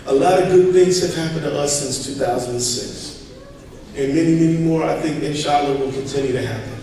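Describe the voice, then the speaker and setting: A man's voice: fairly high pitch, a little mellow, slight background noise. A man giving a public speech, telling stories in a conversational way with asides to the audience. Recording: echoey hall from far off.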